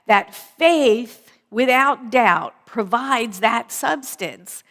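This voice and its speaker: A woman minister giving a conversational sermon, repeating phrases for emphasis, slowing on key words and often asking "right?". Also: on the high side, animated, fairly bright tone.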